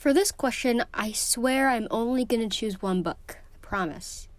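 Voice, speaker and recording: A woman's voice: on the high side, normal speed, soft background music. A teenage girl chatting casually in a book vlog, gushing and emotional, with lots of ums and likes. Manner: gushing and emotional, many fillers. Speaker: book vlogger.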